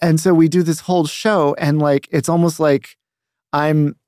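A man's voice: on the high side, fairly even intonation, darkish tone, clear, resonant tone, no echo, studio quality. Soothing man chatting on a podcast. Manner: soothing, measured storyteller. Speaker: podcast regular, review curation manager. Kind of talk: casual podcast chat. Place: studio.

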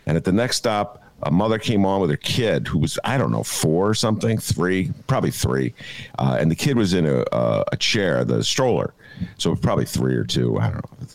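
A man with a fairly low voice hosts a casual news podcast from his apartment. His pitch swings widely as he rambles through stories, leaning on plenty of "uh"s. The sound is close and dry, with no room echo. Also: moderate pace, vocal fry. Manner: rambling, animated storyteller with many fillers. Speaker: podcast host.

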